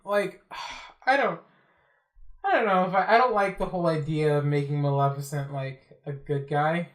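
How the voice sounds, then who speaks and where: A man co-hosting a casual podcast chat, joking and riffing quickly between laughs. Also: on the high side, reverberant. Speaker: podcast co-host.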